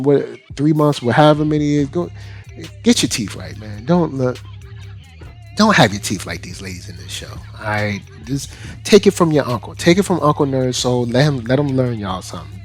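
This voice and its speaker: A man hosting an anime review show in casual, slangy commentary, animated and laughing often. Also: mid-range voice.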